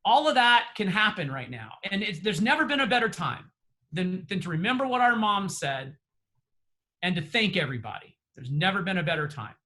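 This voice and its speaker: A man with a high, bright voice speaks over a video call as a trainer wrapping up a class. He is earnest and encouraging, and he often restarts his sentences and fills pauses with "uh" and "you know.". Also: animated. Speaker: real estate trainer. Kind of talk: motivational closing remarks.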